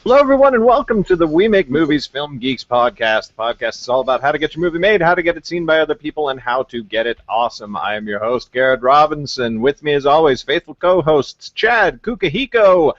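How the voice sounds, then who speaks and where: Lively male podcast host, casual chat, bouncy pitch, dry dull lo-fi sound. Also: dry recording. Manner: lively, animated, quick to react.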